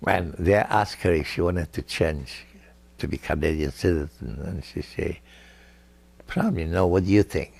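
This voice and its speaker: Older man, slow talker, gravelly voice, halting with fillers, broken grammar, casual storytelling. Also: extremely low pitch. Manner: halting, with many fillers and chuckles; broken non-native grammar. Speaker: grandfather recounting family history.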